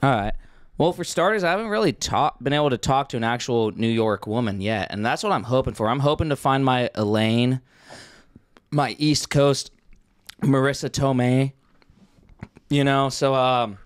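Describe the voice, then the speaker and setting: Brash swearing young man, smooth voice. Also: mid-range voice, normal speed, dry recording, clean studio sound. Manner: brash, joking, swears a lot. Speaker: podcast co-host. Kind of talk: crude casual banter.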